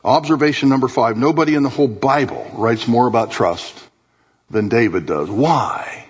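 A man preaching a sermon to a congregation in a church hall, his delivery animated, dropping to low murmurs and rising to high emphatic bursts. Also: moderate pace, breathy edge. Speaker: pastor.

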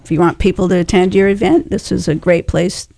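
A man's voice: high voice, steady tone, brisk, vocal fry, a little mellow, no room sound. A man co-hosting a radio show, explaining station services plainly with some fillers. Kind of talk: casual radio chat.

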